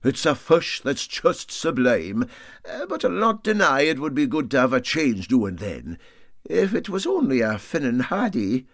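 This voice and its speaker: A man's voice: mid-range voice, very animated, moderate pace, no echo, studio quality, pitched above the performer's own voice. A man voicing a mild, polite older boat captain with a Scottish accent, speaking in a coaxing, slightly raised voice.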